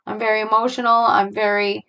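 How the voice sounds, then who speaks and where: A young adult woman speaks alone into her podcast mic, reflecting on her feelings. She talks in a halting, searching way, full of sighs and fillers, and her mid-pitched voice has a strong vocal fry. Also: flat delivery, fairly bright tone, lo-fi sound. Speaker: podcast host. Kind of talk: personal reflective monologue.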